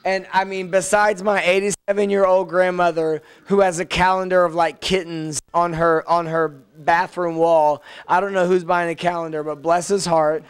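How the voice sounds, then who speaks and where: A young man with a rather high voice chats as an interview guest. He gossips bluntly and swears freely, in relaxed talk. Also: moderate pace, hardly any pauses, smooth, poor audio. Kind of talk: casual interview chat.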